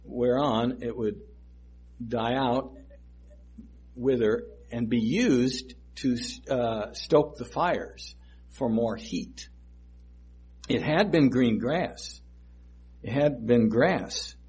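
A man preaching a sermon that teaches through scripture verses, speaking deliberately and repeating phrases for emphasis. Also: mid-range voice, darkish tone, slightly rough.

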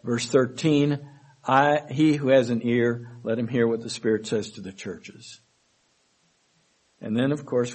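Husky-voiced man preaching a sermon. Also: mid-range voice, a little mellow, low-quality recording. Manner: reads scripture aloud with stress, then explains in a measured tone. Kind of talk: sermon, Bible study reading.

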